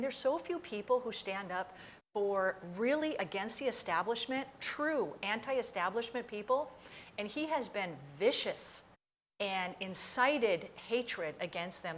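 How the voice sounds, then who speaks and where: A woman co-host giving her opinions on a talk panel in a blunt, quick, emphatic way. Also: mid-range voice, fairly bright tone, slight background noise. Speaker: co-host on a political talk show.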